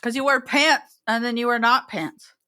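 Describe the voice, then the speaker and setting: A woman's voice: fairly high pitch, steady tone, normal speed, bright, forceful tone. A woman chatting playfully as a player at a tabletop game. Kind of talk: casual chat at a gaming table.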